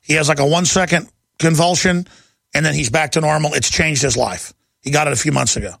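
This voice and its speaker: Gravelly, ranting high-voiced man. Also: brisk, dry recording. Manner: fervent, ranting, rising to shouts. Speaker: radio talk show host. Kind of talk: impassioned talk radio monologue.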